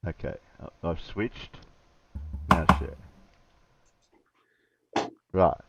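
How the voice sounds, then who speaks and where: A man hosting a live stream, chatting casually and muttering hesitantly while he works his stream software. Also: deep voice, very slow, gravelly, background noise. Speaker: livestream host. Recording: distant muffled mic.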